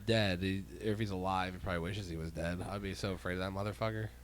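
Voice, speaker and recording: A man's voice: deep voice, steady tone, fast, a little hiss or hum. A young man co-hosting a casual podcast chat, laid-back and jokey. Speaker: podcast co-host.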